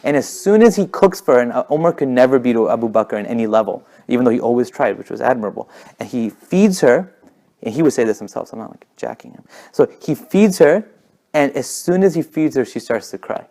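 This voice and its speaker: A young man talking quickly at a casual talk, his voice at an ordinary pitch for a man. He tells his story in an animated way, full of "like" and restarts. He never slows down for long. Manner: fast, animated storyteller with many fillers and restarts. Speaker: speaker at a community talk.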